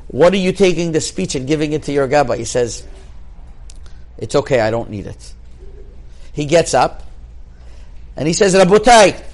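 A man giving a sermon, mixing Hebrew terms into English and dropping to a hushed voice to build suspense. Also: on the high side. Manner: expressive, drops to a hushed voice for suspense. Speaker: rabbi giving a Torah class.

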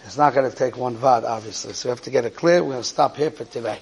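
A man's voice: medium pitch, fast talker, vocal fry, darkish tone, a little hiss or hum, poor audio. A man teaching a Torah lesson, explaining steadily and repeating key words as he goes. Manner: explanatory, repeats key words, mixes Hebrew and Yiddish terms. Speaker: rabbi teaching a class.

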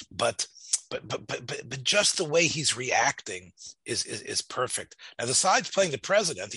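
A man's voice: medium pitch, bright, forceful tone, husky, no echo. A man in a casual film discussion, rambling with many restarts and fillers.

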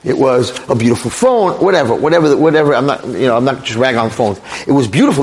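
A middle-aged male rabbi delivering a storytelling sermon. His pitch swings widely and often rises high when he gets worked up. The voice has a husky edge. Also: fast talker, few pauses. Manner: animated, dramatic storytelling. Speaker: rabbi lecturer.

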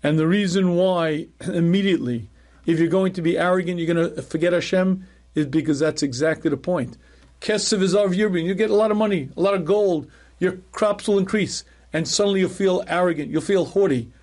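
A middle-aged man, a rabbi, teaching a class in a measured, emphatic way, repeating key phrases and often clearing his throat. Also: high-pitched, darkish tone. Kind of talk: recorded Torah lecture.

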